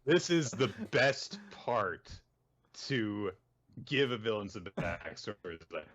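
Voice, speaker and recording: A man with a low but bright voice chats casually as a podcast co-host. His pitch swings a lot as he delivers dry, sarcastic remarks, and he often trails off with "so.". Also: animated, takes it slowly, muffled recording. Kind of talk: casual chat.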